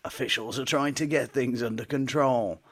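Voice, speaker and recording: A man's voice: medium pitch, fairly even intonation, normal speed, no echo, clean studio sound. A man co-hosting a casual podcast, reading odd news stories aloud, swearing, laughing often and calling his co-host "mate".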